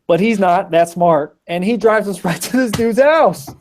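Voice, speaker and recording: A man in his thirties telling a personal story as a guest in a casual video-call interview, animated, with frequent ums and restarts. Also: high voice, normal speed.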